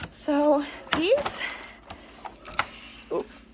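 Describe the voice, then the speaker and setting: A woman's voice: very animated, extremely slow, noisy background. A young woman casually narrating a home vlog, chatty and playful as she puts groceries away. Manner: chatty, playful, talks to her cat in a squeaky baby voice. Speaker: vlogger. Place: home kitchen.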